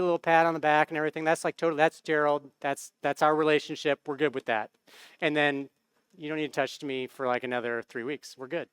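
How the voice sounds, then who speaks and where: Smooth-voiced American man giving a talk. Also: fairly high pitch, fast, a bit bright, dry recording. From United States. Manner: casual, conversational, many fillers and tag questions. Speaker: conference speaker. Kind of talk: conference talk. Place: conference stage. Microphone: microphone.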